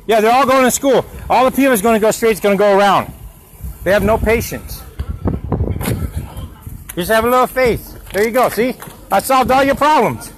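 A man's voice: sits high, normal speed, pauses often, slight background noise, low-quality recording. A man filming on a street by a school with his phone, arguing heatedly with road workers and repeating himself. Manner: heated, argumentative, repetitive. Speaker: parent filming a street dispute. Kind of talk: handheld confrontation vlog.

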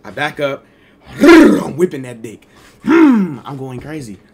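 A man tells a story to his livestream chat, slangy and excitable, swinging from mumbled asides to loud exclamations. His voice is a little high and his pace measured.

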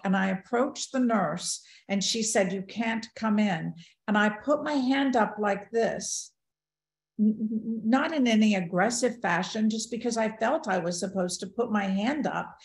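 Older woman telling her story in an echoey room. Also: medium pitch. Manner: earnest, quotes dialogue in a lively retelling. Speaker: guest speaker. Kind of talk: personal storytelling talk.

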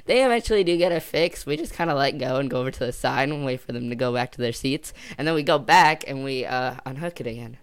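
A man's voice: mid-range voice, lively intonation, fast, hardly any pauses, clean tone. A young man telling a casual storytime for his channel, rambling and jokey, often trailing off and circling back. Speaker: YouTuber.

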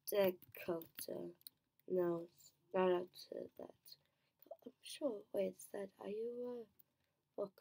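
A woman's voice: mid-range voice, gravelly, dark tone, husky. A woman thinking aloud as she plays a timed quiz, muttering to herself, trailing off, restarting answers and slipping into whispers. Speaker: quiz player.

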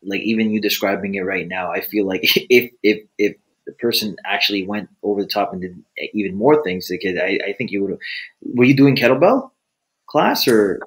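A man with a fairly low voice co-hosts a podcast in a relaxed, easygoing way. He mostly answers in short replies and brief remarks. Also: a little fast, rough recording. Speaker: podcast co-host. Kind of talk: casual chat.

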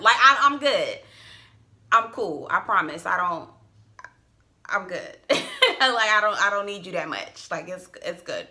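Casual TV recap vlogger: young woman, bright clear tone, playful. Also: medium pitch, unhurried. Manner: animated, laughing asides, slangy and playful. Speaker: TV review vlogger. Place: at home.

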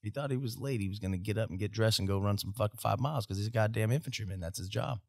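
A gravelly, fairly low-pitched American man in his thirties races through profane army anecdotes, animated and casual, as a veteran on a podcast. The podcast studio mic yields studio quality with no echo.

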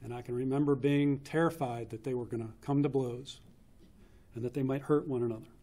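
A man's voice: medium pitch, fairly even intonation, a little fast, warm tone. Man in his fifties giving a eulogy. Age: 50s. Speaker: eulogist, younger brother of the deceased. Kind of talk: memorial eulogy, personal storytelling. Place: funeral home chapel.

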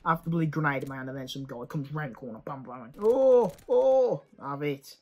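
A young man giving excitable live commentary over his own gameplay, cheering and swearing at the action. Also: mid-range voice, fast talker. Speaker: gaming YouTuber.

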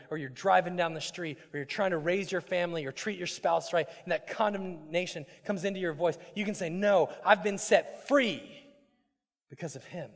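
A man preaching a sermon as pastor, swinging between loud emphasis and hushed asides and often repeating words as he restarts. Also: on the high side. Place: church sanctuary. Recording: long hall reverb.

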